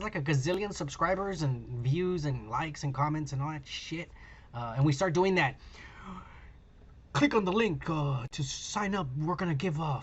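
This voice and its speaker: A man's voice: a little high, pushed and bright, slight background noise. Rambling, cursing man on a lo-fi podcast. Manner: profane, rambling, with many fillers. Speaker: podcast co-host. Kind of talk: casual chat.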